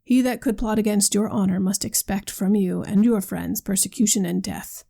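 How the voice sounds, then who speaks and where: A woman reading the lines of a solemn, troubled young man in an old novel, speaking slowly and formally. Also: medium pitch, creaky, warm tone. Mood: agitated. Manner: slow, grave, formal speech.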